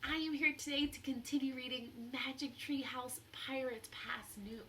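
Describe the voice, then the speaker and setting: A woman teacher reading a children's book aloud at story time, expressive and encouraging. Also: high-pitched, moderate pace, recorded from a distance, a little hiss or hum, rough recording.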